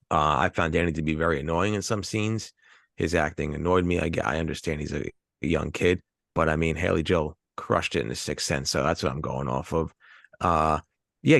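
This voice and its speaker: A man with a very deep, gravelly voice chats loosely about a movie with his friends. His delivery is jokey and rambling, full of restarts. The sound is close and dry. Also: a bit bright, no room sound. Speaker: podcast co-host. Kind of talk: casual movie chat.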